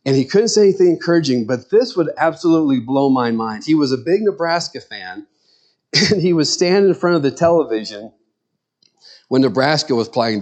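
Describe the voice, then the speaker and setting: A man's voice: mid-range voice, a little mellow. Earnest middle-aged man preaching a sermon. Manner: conversational, earnest, personal anecdotes. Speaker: pastor.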